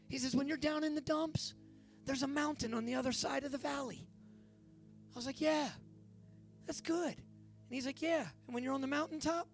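A man in his forties giving a youth sermon, preaching with rising excitement and leading a fervent prayer. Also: extremely high pitch. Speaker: youth pastor. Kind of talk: sermon with altar call.

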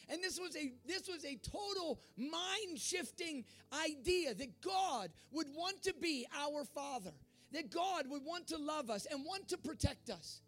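Very high-voiced fervent male preacher. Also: lively intonation, measured pace, few pauses. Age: adult. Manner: fervent, rising to shouts. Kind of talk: sermon.

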